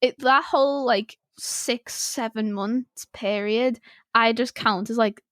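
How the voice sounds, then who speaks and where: A young woman with a Liverpool accent, a guest musician telling a story in a casual interview, excitable and giggly, with lots of "like". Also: a little high, slow pace, dry recording, studio quality. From Liverpool, England.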